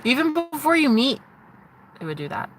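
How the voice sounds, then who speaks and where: A woman hosting her own livestream, rambling dreamily and swinging from giggly to hushed. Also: sits high, very animated, normal speed. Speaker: livestream host. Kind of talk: rambling live-stream chat.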